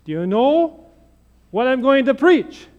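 A preacher lends his voice to a cheeky young male seminarian in a sermon story, high-pitched and full of pep. The delivery is punchy and playful, with lively swings in the line. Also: takes it slowly, phone-quality sound, exaggerated voice.

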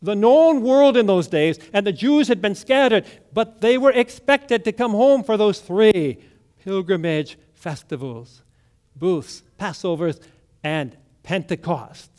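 A male preacher delivers a sermon in a church, unhurried and measured. His voice sits fairly high for a man. He tells stories and now and then bursts into loud quoted lines. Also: expressive. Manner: storytelling with dramatic loud quotes and sung hymn lines.

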